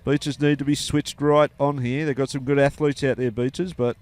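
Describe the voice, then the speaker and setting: Smooth-voiced rugby co-commentator. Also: male voice, mid-range voice, level tone, normal speed, a little mellow, dry recording. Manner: chatty, agreeable, joking side remarks. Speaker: sports co-commentator. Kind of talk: live rugby sevens commentary.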